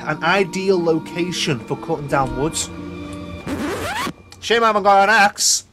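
A man talks his way through a game, exasperated and sweary, with a slightly raised voice. Quiet music plays under him. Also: sits high, lively intonation, unhurried, long pauses. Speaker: gaming YouTuber. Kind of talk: swearing gameplay commentary.

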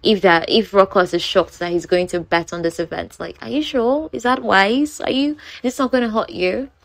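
A woman's voice: mid-range voice, normal speed, vocal fry, no room sound. A woman casually retelling a romance novel, chatty, with frequent asides to the listener. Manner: chatty, asides like "you know". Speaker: book storyteller.

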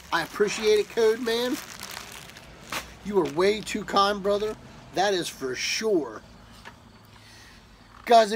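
Speaking to his viewers in a relaxed unboxing, a man opens a gift box holding pipe tobacco and coffee and reacts with drawled, enthusiastic exclamations. His voice is fairly high and creaky with vocal fry, over slight background noise.

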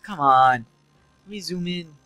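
A man's voice: fairly high pitch, a little slow, bright, forceful tone, dry recording, poor audio. A young man giving casual, joking commentary while playing a video game, sarcastically mocking the characters. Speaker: let's play commentator.

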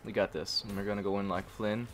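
A man giving live commentary over his own gameplay, jokey and prone to sudden yelps and shouts. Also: on the low side, little pitch movement, quick pace, a little hiss or hum. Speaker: gaming commentator.

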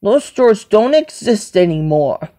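Brief: unhurried amateur monologue, sing-song pitch, repetitive listing of items. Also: big pitch swings, warm tone. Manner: repetitive, listing things over and over. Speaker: home video maker. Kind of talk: rambling self-talk monologue.

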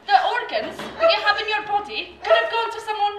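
A woman's voice: very high voice, expressive, brisk. A woman doing a comic rant to camera, mocking and laughing between insults. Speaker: vlogger. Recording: echoey room with loud hiss.

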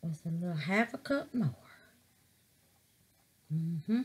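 A woman's voice: medium pitch, sing-song, measured pace, long pauses, a bit bright, breathy edge. A middle-aged woman, chatting through a resin craft project and calling her viewers babies. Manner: chatty, calls viewers babies, exclaims to the Lord. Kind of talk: casual crafting vlog.

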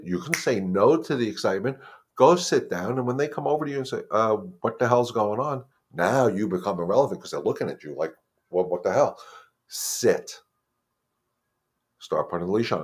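Low husky-voiced male dog trainer. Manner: emphatic and conversational, repeats words as he thinks; plain-spoken and folksy. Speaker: head dog trainer hosting a Q&A. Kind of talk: casual advice on a live Q&A stream.

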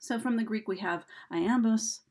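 A woman's voice: a little high, normal speed, a little mellow. A woman teacher giving a recorded slideshow lesson, chatty and full of ums and uhs. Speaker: high school English teacher.

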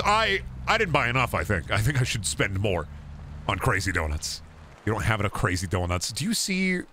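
Casting: young male streamer, jokey and riffing, lively pitch, faint noise behind. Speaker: gaming streamer. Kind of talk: casual gameplay commentary.

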